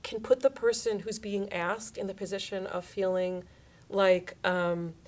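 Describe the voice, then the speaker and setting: A woman's voice: medium pitch, a little slow. A woman in her thirties or forties hosting a casual radio chat, acting out quoted lines in changing voices. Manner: animated, acts out quoted lines in shifting voices. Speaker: radio show host.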